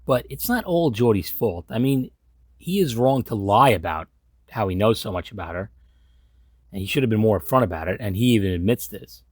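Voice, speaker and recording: A man's voice: on the low side, lively intonation, brisk, husky, no room sound, clean studio sound. A man giving casual, sarcastic episode commentary, swearing often and sounding incredulous. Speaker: commentary host.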